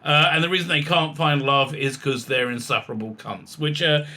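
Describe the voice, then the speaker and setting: A man with a very bright, ringing voice and a slightly raised pitch talks through a casual recap and review. He digresses often and is sarcastic, and he fills gaps with plenty of hesitant sounds. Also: fairly even intonation, moderate pace. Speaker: YouTube reviewer.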